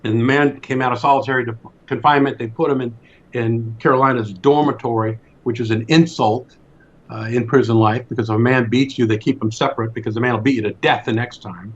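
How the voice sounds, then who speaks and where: A man's voice: mid-range voice, steady tone, a little fast, slight background noise. Man, mid-range voice, emphatic storyteller, dull lo-fi recording. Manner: emphatic, repeats words as he builds a point. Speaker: speaker in a faith discussion. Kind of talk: earnest storytelling talk.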